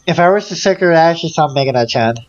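A gaming YouTuber giving casual let's-play commentary, excitable and full of exclamations and groans. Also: medium pitch, brisk, lo-fi sound, soft background music.

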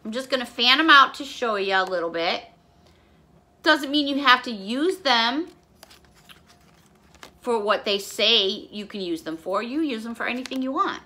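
A middle-aged woman hosting a casual haul video, chatty and animated, talking straight to her viewers. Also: fairly high pitch, normal speed, long pauses. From Chicago area.

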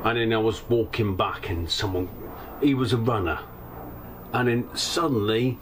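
Chatty deep-voiced bloke. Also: male voice, normal speed, a little hiss or hum. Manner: chatty, rambling, acts out quoted voices. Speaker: narrowboat vlogger. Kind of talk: casual storytelling monologue.

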